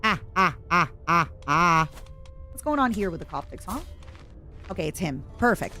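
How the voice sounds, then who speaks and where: A woman streamer giving chatty, self-mocking commentary while playing a strategy game, now and then bursting into excited shouts. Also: lowish voice, fairly quick, soft background music. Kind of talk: casual gameplay commentary.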